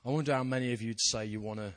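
A man's voice: medium pitch, steady tone, rapid-fire. A man, a pastor, preaching a sermon in an anecdotal, self-deprecating storytelling manner. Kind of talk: sermon with personal stories.

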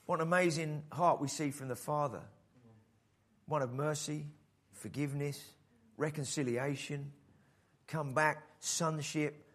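Guy preaching a sermon, fairly high voice, acts out the characters. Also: a little slow. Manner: animated preaching, acts out the father's voice. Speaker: pastor.

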